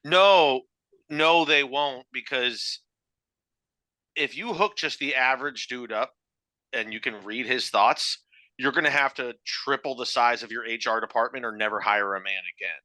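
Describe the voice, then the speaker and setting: A man's voice: medium pitch, measured pace, pushed and bright, no room sound. A man co-hosting a podcast in casual chat, cracking crude jokes. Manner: joking, crude humor, laughs. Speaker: podcast co-host.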